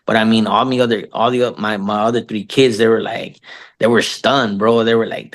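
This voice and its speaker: A man's voice: on the low side, steady tone, a little fast. A middle-aged man talking as an interview guest, loose and profane, dropping "bro" constantly and restarting his sentences. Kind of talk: casual podcast interview.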